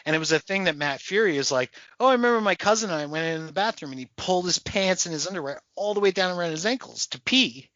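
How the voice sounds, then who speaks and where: A man co-hosting a podcast in casual chat, animated and profane, acting out voices as he tells a story. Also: high voice, quick pace, hardly any pauses, no echo, lo-fi sound. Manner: animated, swearing, acts out people's voices. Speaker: podcast co-host.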